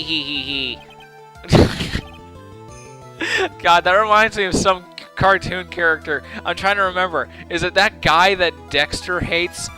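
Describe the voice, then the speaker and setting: A man's voice: high-pitched, bright, forceful tone. A young man casually joking his way through gameplay commentary as a let's play host. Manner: joking, irreverent.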